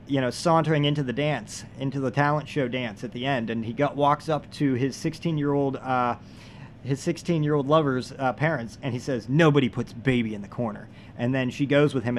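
A man hosting a comedy podcast, telling an absurd deadpan monologue in a halting, rambling way full of fillers. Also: medium pitch, a little hiss or hum.

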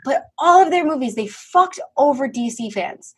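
A young woman, a podcast guest, telling stories in a lively, animated way, acting out quotes and swearing casually. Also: sits high, normal speed. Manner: animated storyteller, acts out quotes, swears freely. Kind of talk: casual conversation.

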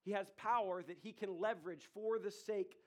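High-voiced man preaching a sermon. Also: fairly even intonation, moderate pace, a little mellow. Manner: conversational preaching with audience asides and acted quotes. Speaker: pastor.

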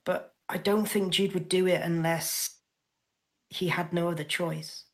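An earnest young male bard, put on by a woman in a tabletop session, low in pitch. He pleads softly and trips over his words at times. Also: expressive, unhurried. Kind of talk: tabletop role-play in character.

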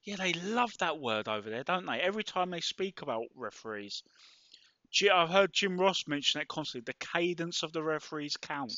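A man's voice: on the high side, expressive, moderate pace, pushed and bright, no room sound, highs cut off. A British man co-hosting a podcast, trading jokes and teasing pedantic asides in casual banter. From United Kingdom. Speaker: podcast co-host.

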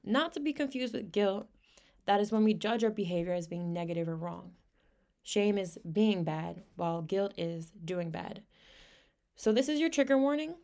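A woman's voice: mid-range voice, moderate pace, dark tone. A young woman hosting her own podcast, talking candidly in a casual monologue full of slang and swearing. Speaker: podcast host.

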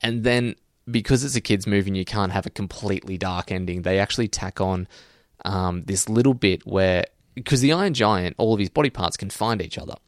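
Male co-host, lowish voice, relaxed rambling storyteller, dry mic. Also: fairly quick, no room sound. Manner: relaxed storyteller with many ums and likes. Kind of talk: casual chat about films.

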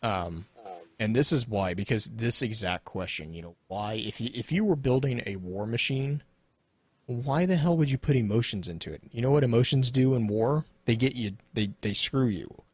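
Husky animated podcast man. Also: medium pitch, moderate pace, dry recording. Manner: animated, rambling with restarts. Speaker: podcast co-host reading game lore. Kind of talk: casual gaming podcast chat.

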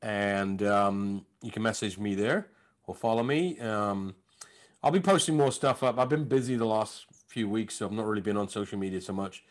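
A man's voice: fairly low pitch, normal speed. A man who is a stand-up comedian, chatting casually as a podcast guest, telling stories and acting out other people's voices. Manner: animated storyteller, acts out voices and impressions.

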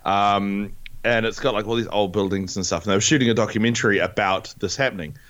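Animated New Zealand man telling stories. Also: quick pace, highs cut off. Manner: animated storyteller, jumps into high put-on voices. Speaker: podcast co-host. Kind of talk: casual chat.

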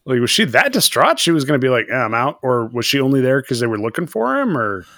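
A man's voice: medium pitch, wildly swooping pitch, fast, a bit bright, dry recording, clean studio sound. A man co-hosting a casual chat, recapping an episode and laughing as he acts out characters in silly voices. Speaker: podcast co-host.

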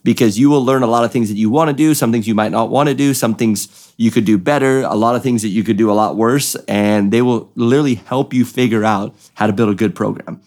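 A young man, a drift racing driver, telling a story with excitement and acting out the voices of the people in it. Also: mid-range voice, fast. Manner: excited, acts out voices in quotes. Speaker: drift driver, podcast guest. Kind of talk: animated storytelling.

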